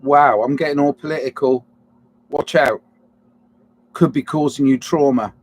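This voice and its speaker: A solo podcaster muses aloud in a rambling monologue, restarting thoughts partway through and swinging into heated moments he then apologizes for with self-mocking remarks. His mid-range voice moves at an unhurried pace.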